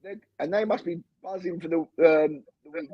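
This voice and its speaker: Husky man on a dull, dry call. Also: on the high side, normal speed, dry recording. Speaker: podcast co-host. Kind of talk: casual football chat. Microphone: video call.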